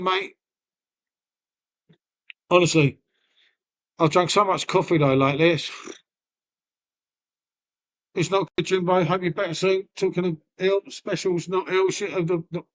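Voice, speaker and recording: A man with a Lincolnshire accent chats loosely on his own live stream. His voice sits high for a man, and he rambles, swears and calls everyone mate. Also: fairly even intonation, measured pace, long pauses, fairly bright tone. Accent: Lincolnshire English. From Lincolnshire, England. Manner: banters with chat, swears freely, trails off; folksy, peppered with "mate" and "innit". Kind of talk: casual live-stream chat.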